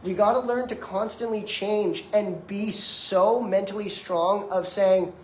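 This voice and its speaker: A man's voice: high-pitched, fairly even intonation, a little slow, slight background noise. Young man lecturing in an echoey room. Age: 20s. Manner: emphatic, conversational, addresses audience directly. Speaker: detox practitioner giving a lecture. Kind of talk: motivational lecture.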